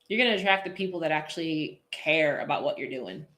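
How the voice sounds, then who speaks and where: A woman hosts a casual live stream, talking straight to her viewers in a slightly low voice. She is chatty and goofy, laughs easily and reads out comments as they come in. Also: animated, a little fast, a bit bright. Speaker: posing coach hosting a live feed.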